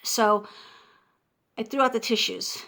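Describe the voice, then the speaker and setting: A woman, telling a story casually to her viewers in an animated, emotional way, often restarting her sentences. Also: on the high side, slow pace, creaky. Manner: animated, emotional, frequent restarts and self-interruptions. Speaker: vlogger.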